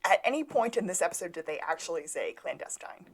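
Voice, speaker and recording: A woman's voice: fairly low pitch, fast, breathy edge. A young woman co-hosting a podcast, recapping an episode in casual chat and acting out the quoted lines. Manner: animated, acts out quoted lines. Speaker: podcast co-host.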